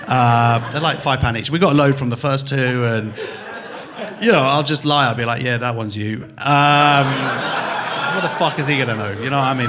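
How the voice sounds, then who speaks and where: A man works a comedy club stage, spinning a long story in an animated, foul-mouthed way. His voice sits in an ordinary middle range, but he keeps jumping between loud outbursts and quiet muttering. He acts out the other people in the story with quick snatches of voices. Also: medium pitch, creaky, crowd noise. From England. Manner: swears freely, jumps from loud to muttered. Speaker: stand-up comedian. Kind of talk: stand-up comedy set.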